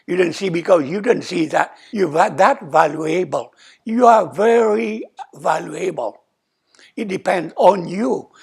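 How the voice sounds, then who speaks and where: Older monk giving a slow sermon. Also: male voice, high voice, gravelly, slightly rough. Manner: non-native English, simple repetitive phrasing, asks "okay?"; acts out quoted dialogue with rising emphasis. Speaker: abbot giving a dharma talk. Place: temple hall.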